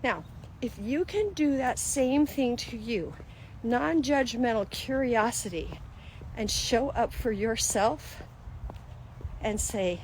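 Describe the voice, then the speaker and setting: A woman's voice: on the high side, lively intonation, slow, a little mellow, slight background noise. A woman in her fifties hosting a live-streamed motivational talk, coaching viewers directly in an earnest way. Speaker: host.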